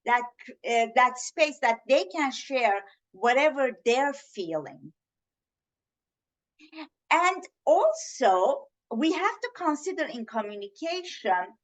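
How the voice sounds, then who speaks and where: A woman presenting an interactive webinar on communication, teaching in a gentle, earnest way and asking the audience questions, heard over a video call mic. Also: sits high.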